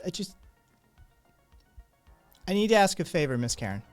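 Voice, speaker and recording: A man voicing an anxious young male street kid who stammers and pleads in a high voice. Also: big pitch swings, normal speed, soft background music. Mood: pleading.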